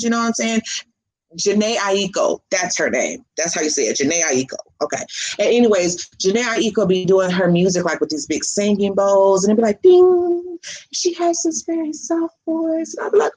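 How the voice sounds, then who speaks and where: A woman's voice: mid-range voice, darkish tone, low-quality recording. Chatty, rambling woman spiritual reader. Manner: chatty and rambling, swears casually, laughs often. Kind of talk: casual livestream chat.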